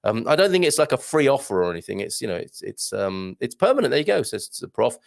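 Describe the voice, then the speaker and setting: A man's voice: mid-range voice, sing-song, fast, gravelly. A middle-aged British man hosting a live show, chatting casually and wryly as he reads out viewer comments, with many ums and asides. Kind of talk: casual live-stream chat.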